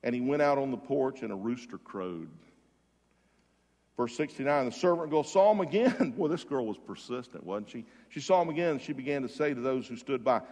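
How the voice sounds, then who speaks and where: A man preaching a sermon as pastor, swinging between loud emphasis and hushed softness and repeating words for effect. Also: mid-range voice, normal speed. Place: church sanctuary. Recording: long reverb of a large hall.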